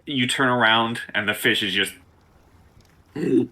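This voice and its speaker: A man's voice: medium pitch, fairly even intonation, moderate pace, pushed and bright, rough recording. A man narrating a tabletop game as game master, playful and descriptive with hesitant fillers.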